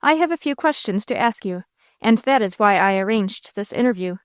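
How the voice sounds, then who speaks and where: A woman voicing a cold, scheming young gentleman villain in an audiobook, speaking coolly and sternly. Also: mid-range voice, expressive, moderate pace, no echo, studio quality, natural voice. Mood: cold, probing. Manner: cool, stern, sneering.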